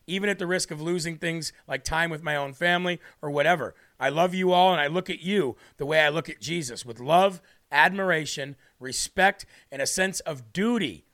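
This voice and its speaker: A man's voice: fairly high pitch, a bit bright. A man hosting a live show, leading a prayer and then giving combative, emphatic political commentary. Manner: combative, emphatic, drawn-out delivery. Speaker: host.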